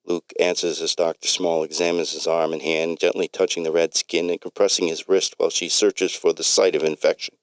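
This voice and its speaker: A man's voice: low voice, level tone, fairly quick, few pauses, no echo. A man reading a story aloud in a plain way, with slips and restarts.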